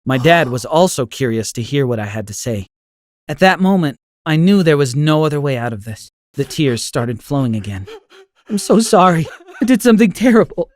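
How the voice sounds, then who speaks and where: A man narrating an animated first-person story in an emotional, expressive way. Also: mid-range voice, moderate pace, no room sound.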